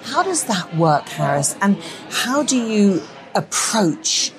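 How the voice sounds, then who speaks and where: A woman's voice: mid-range voice, big pitch swings, slow pace, music in the background. A woman interviewer asking brief, direct questions.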